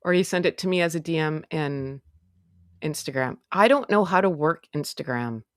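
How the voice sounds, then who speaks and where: A woman's voice: deep voice, expressive, normal speed, no echo, clean studio sound. A woman hosting a casual livestream, chatty and self-mocking, muttering to herself as she goes. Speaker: livestream host.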